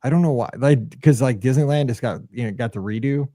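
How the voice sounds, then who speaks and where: A man co-hosting a podcast in casual chat, rambling and animated with many restarts. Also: mid-range voice, fairly quick, no echo, studio quality. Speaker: podcast co-host.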